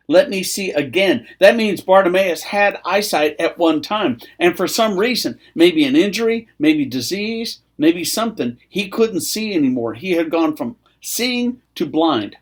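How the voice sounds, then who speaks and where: A man who is a pastor giving a weekly devotional in a relaxed, conversational way, now and then acting out quotes with sudden loud outbursts. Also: fairly high pitch. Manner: conversational, acts out shouted quotes.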